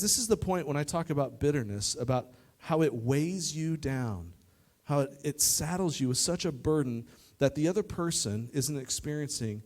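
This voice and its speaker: A man preaching a youth sermon to a live audience, lively and joking, talking straight to the crowd. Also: medium pitch. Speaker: youth pastor. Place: church youth service in front of an audience.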